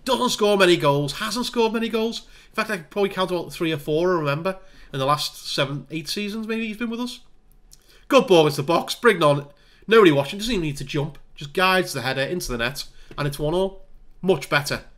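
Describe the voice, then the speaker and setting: A man with a slightly raised voice talks through a football management game as a casual let's-play. He narrates the action play-by-play, makes dry jokes at his own expense, and gets excited when goals go in. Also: high-pitched, a little fast. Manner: wry, self-deprecating asides. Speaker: gaming video creator.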